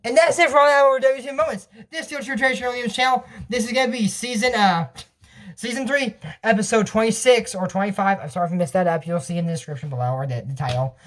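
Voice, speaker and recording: A man's voice: very high voice, fast, a bit bright. A young man casually recapping a cartoon episode, rambling with restarts and laughing at his own jokes.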